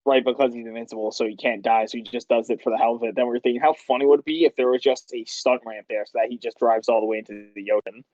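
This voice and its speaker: A man's voice: medium pitch, fairly even intonation, fast, hardly any pauses, darkish tone, dry recording, highs cut off. A man directing a voice session, rambling and laughing as he explains the scenes. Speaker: machinima director and writer. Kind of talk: casual directing chat.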